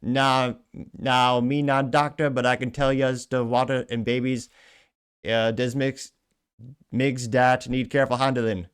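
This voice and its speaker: A man's voice: medium pitch, level tone, clean tone, close to an everyday voice. A man putting on a mock Jamaican-accented voice. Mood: playful. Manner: drawn-out, sing-song, clumsy put-on accent.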